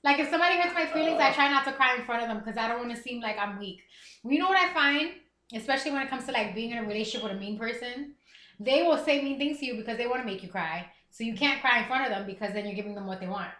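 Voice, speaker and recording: Bright, high-voiced woman chatting on stream. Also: quick pace. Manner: candid, chatty, laughs often. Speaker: livestream host. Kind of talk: casual chat. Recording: echoey room.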